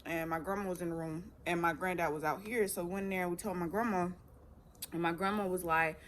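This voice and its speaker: A woman's voice: on the low side, brisk, a little hiss or hum. A teenage girl, telling her own story casually as a vlogger and acting out what people said. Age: teens. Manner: chatty, animated retelling with acted quotes.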